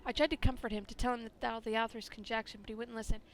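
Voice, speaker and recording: A woman's voice: fairly high pitch, steady tone, very fast, natural voice. A woman voicing a stern grieving widow who speaks formally and dismisses superstition. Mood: mournful. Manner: formal, prim.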